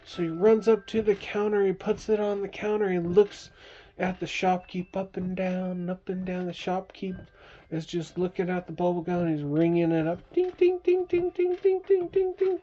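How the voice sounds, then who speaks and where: Low-voiced woman telling a bedtime story. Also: level tone, moderate pace, mellow. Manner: playful, makes sound effects, asks the listener questions. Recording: dull lo-fi recording.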